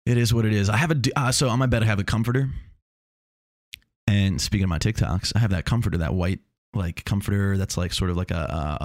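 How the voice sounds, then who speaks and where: A man's voice: fairly low pitch, dry recording, clean studio sound. A man hosting a casual solo talk, rambling and self-mocking with meandering asides.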